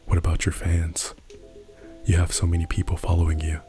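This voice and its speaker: A man voicing a polite, gently teasing male companion in a whispered café role-play. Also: low voice, completely flat delivery, fairly quick, over music, close to an everyday voice. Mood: gentle.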